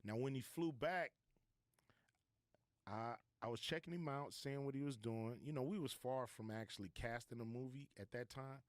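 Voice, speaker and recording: A man as a podcast guest, telling a story in a laid-back, slangy, animated way. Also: medium pitch, moderate pace, dry recording, clean studio sound. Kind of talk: casual storytelling.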